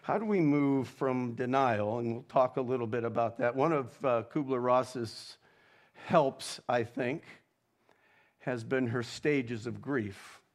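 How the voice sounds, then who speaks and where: Slow, measured preacher man. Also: mid-range voice. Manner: slow, measured preaching with dramatic readings of quotes. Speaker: pastor. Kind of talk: sermon.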